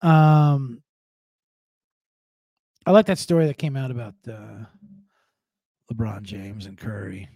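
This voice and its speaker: A man's voice: mid-range voice, fairly even intonation, slow, creaky, long pauses, no room sound, lo-fi sound. A man hosting a podcast from home, talking in a casual solo monologue with profane, jokey, rambling asides. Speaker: podcast host.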